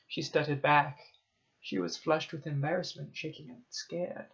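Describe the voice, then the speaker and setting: A man reading a first-person horror story aloud, dramatic and hushed at tense moments. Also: fairly high pitch, little pitch movement, measured pace, creaky, muffled recording. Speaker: story reader.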